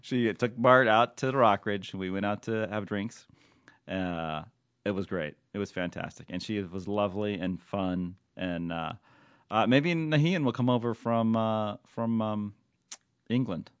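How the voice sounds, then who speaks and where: A man's voice: lowish voice, unhurried, clean tone, dry recording. A man hosting a podcast in casual chat, rambling with many fillers and laughs. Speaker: podcast host.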